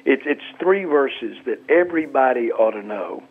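Earnest pastor on a tinny phone line. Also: male voice, medium pitch, animated. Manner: earnest, halting with many restarts. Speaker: pastor and author, guest. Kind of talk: Christian radio talk.

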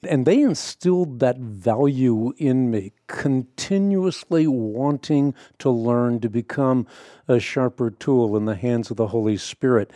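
Middle-aged radio host guy, warm low tone, dry sound, earnest and fluent. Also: unhurried, no echo. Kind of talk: conversational interview.

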